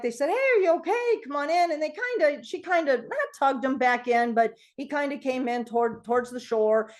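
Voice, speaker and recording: A middle-aged woman telling a personal story to a group, animated and acting out the voices of the people in it. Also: fairly high pitch. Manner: animated storytelling, acts out quoted voices, laughs often. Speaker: guest speaker on self-healing.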